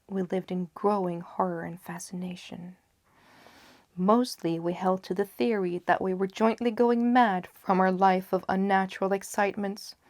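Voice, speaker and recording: A woman narrating a gothic tale in a low, hushed voice that often drops into a half-whisper. Her pitch sits in an ordinary middle range, and the recording is close and dry with no room sound. She lingers over phrases for dramatic weight. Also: no echo. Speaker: audiobook narrator. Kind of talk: gothic story reading.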